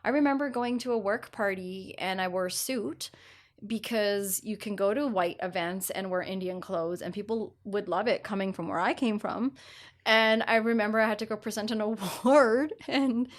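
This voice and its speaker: Woman, podcast guest, casual and candid, restarts mid-sentence, mid-range pitch. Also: moderate pace. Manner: candid personal storytelling with frequent restarts.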